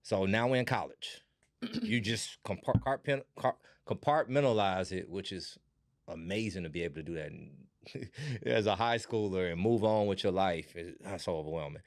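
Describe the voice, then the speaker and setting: A man's voice: low-pitched, animated, moderate pace, no echo, clean studio sound. A man hosting an interview, reacting with exclamations and jokes as his guest talks. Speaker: podcast host. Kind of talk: conversational interview.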